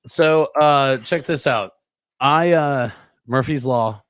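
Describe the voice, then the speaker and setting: A young adult man telling a profane, animated story on a podcast, acting out sound effects as he goes. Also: medium pitch, takes it slowly, smooth, dry recording, studio quality. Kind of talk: casual storytelling.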